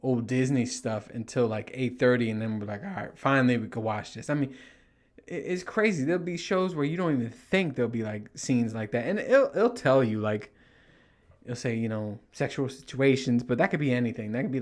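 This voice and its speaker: A middle-aged man hosting his own show, telling stories casually and acting out his panic in a raised voice, with plenty of swearing. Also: fairly quick. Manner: animated, swears freely, acts out panicked quotes in a higher voice. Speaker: podcast host. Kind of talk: casual storytelling monologue.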